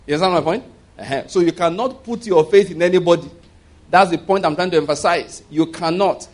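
A man's voice: sits high, a little fast. Preacher man. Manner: asks the congregation if they hear him, leads call-and-response with laughs. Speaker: pastor. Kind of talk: sermon.

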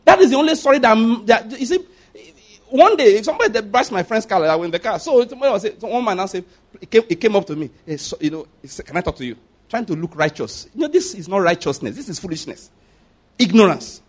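A man's voice: high voice, animated, fast talker. A man with a Nigerian accent preaching a sermon, emphatic and rhetorical, often asking whether listeners get his point. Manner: emphatic, rhetorical, acts out quoted pleas.

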